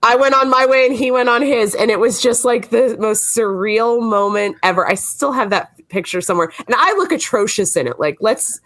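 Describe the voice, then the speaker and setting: A woman's voice: on the high side, a little fast, few pauses. A woman on a podcast, eagerly telling a story and filling her talk with "like". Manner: excitable, gushing, many "like"s. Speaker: team member.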